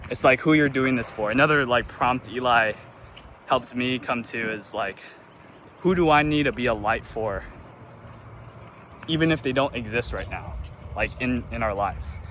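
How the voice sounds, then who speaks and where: A man's voice: medium pitch, normal speed, pauses often, a bit bright. A young man in casual reflective chat, earnest and full of "like", filmed outdoors. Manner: earnest, filler-heavy with frequent "like". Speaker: vlogger. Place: outdoors near traffic. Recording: outdoor street noise.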